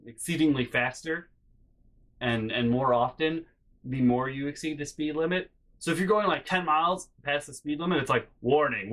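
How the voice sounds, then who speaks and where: A young man telling comedic personal stories in a rambling, animated way, with loud acted-out outbursts. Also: mid-range voice. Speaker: storytelling vlogger.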